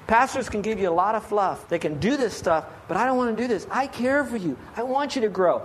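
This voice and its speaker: A man's voice: sits high, slight background noise. A pastor giving an earnest, pleading sermon, asking his listeners many rhetorical questions.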